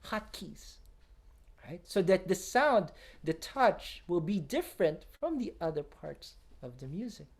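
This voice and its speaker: A piano teacher coaches a student in a masterclass, encouraging them and singing phrases on syllables to demonstrate the touch, with faint piano in the background. Her fairly low, darkish voice moves at a measured pace with big pitch swings.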